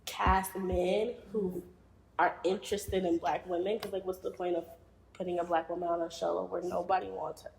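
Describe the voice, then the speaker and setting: A woman's voice: on the low side, flat delivery, moderate pace, creaky, a little mellow, slight background noise. A woman guest on a podcast, chatting casually and animatedly, often laughing and mimicking voices. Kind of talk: casual chat. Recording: echoey room.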